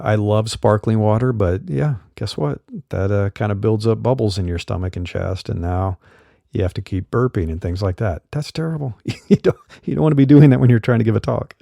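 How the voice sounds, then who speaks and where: Deep gravelly middle-aged man. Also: no echo, clean studio sound. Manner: relaxed, chatty, with fillers and laughs. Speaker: podcast host. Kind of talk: casual solo podcast talk. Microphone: studio condenser mic.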